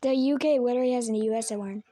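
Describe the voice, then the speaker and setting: A woman's voice: a little high, racing, warm tone. A woman casually reacting to alarm sounds, joking and giving blunt, offhand verdicts. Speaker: video creator rating alarm sounds.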